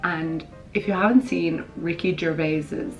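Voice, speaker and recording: A young woman in her twenties with a Kerry Irish accent, chatting bubbly and quick to camera as a vlogger. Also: low voice, fairly even intonation, faint music behind, poor audio. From Ireland. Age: 20s. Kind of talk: casual chat to camera.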